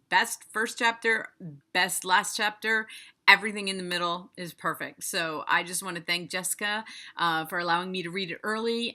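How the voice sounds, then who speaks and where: A woman hosting a casual book review vlog, chatty and enthusiastic, talking straight to her viewers and gushing with quick repetition. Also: fairly low pitch, bright, forceful tone.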